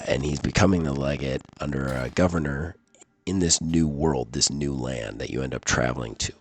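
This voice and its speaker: A man reviewing a video game, speaking through a sickness that leaves his voice congested, rambling with fillers and restarts. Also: very deep voice. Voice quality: gravelly. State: sick, congested voice.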